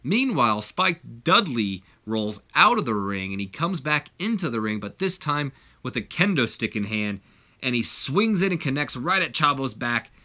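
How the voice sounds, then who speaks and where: Male gaming narrator, casual chatty recap delivery, bright tone. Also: medium pitch, sing-song, normal speed. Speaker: video game commentator. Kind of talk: casual game playthrough narration.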